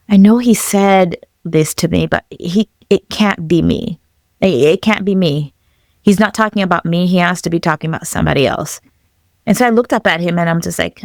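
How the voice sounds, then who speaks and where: A young woman from Zambia telling a personal story as a podcast guest, reflective and halting, with many fillers. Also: on the low side, creaky, no room sound, studio quality.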